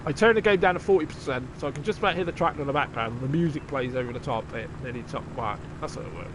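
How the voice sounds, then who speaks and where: A man's voice: medium pitch, quick pace, background noise. A man chatting casually and sarcastically while streaming a game, swearing freely. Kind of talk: casual live-stream chat.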